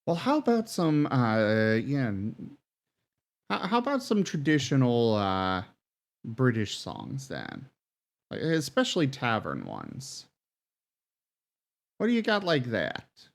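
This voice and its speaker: A man's voice: medium pitch, wildly swooping pitch, slow, gravelly, pauses often. A man playing a game on stream, reacting aloud to it in a playful, casual way. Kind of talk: casual let's-play commentary.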